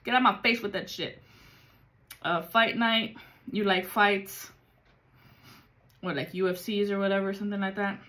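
A woman's voice: medium pitch, fairly bright tone. A woman giving a casual spiritual reading, blunt and full of profanity and street slang. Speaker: psychic reader.

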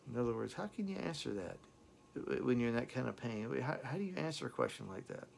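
A man recites song lyrics in a slow, dramatic voice and then comments on them, often repeating his words. His mid-range voice is rough and gravelly. Faint noise hums behind him. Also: mid-range voice, expressive. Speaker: song reviewer.

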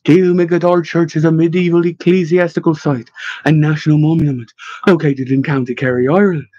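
A man voicing a small male memory device that recites facts flatly in a storybook. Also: a little high, fairly quick, dry recording, lo-fi sound, natural voice. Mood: informative.

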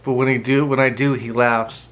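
A man's voice: medium pitch, flat delivery, moderate pace, a bit bright. A man chatting casually in a morning vlog, rambling with lots of ums and reading dad jokes aloud. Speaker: vlogger.

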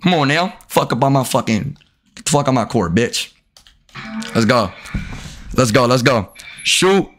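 Trash-talking male game streamer, very animated. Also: mid-range voice, unhurried, long pauses, soft background music. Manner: profane trash-talking, yelling outbursts at the game and chat. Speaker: video game live streamer. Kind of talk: casual live-stream commentary while gaming.

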